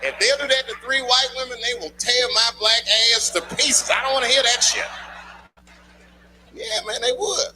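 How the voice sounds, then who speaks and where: A man performing a stand-up routine, telling a loose, profane story and shouting his punchlines. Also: very high-pitched, moderate pace. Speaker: stand-up comedian. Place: comedy club stage before a live audience. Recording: noisy live club recording.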